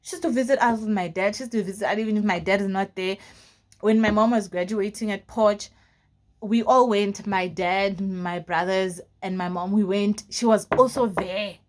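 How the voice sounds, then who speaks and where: A young woman from South Africa telling a personal story in a casual vlog, full of fillers and often dropping to a low, quiet voice. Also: fairly even intonation, moderate pace. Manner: casual, frequent fillers like "like" and "you know". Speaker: vlogger.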